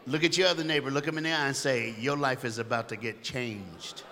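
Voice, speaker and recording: A man preaching an energetic sermon, calling out to the crowd and getting them to repeat lines back. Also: medium pitch, a little fast, a little hiss or hum. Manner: loud, exhorting, call-and-response. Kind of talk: energetic call-and-response sermon. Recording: long hall reverb, faint ambience.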